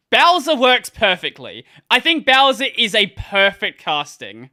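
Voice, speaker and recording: A man's voice: sits high, huge pitch swings, slow pace, sharp tone. A man streaming games who rambles casually, laughs often and keeps restarting his sentences as he reacts. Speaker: gaming streamer. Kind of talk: casual live-stream commentary.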